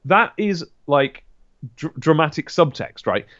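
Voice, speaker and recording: A man co-hosting a casual podcast, his fairly high voice rising and falling in lively swings. He rambles, stops to correct himself and laughs often. The sound is dull and dry, like a cheap mic. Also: measured pace, dry recording. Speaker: podcast co-host. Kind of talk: casual chat.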